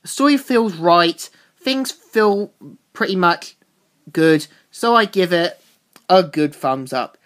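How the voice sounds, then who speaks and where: A woman's voice: fairly low pitch, lively intonation, slow pace. A woman reviewing a comic book, recapping its plot in a casual, rambling way with loose restarts.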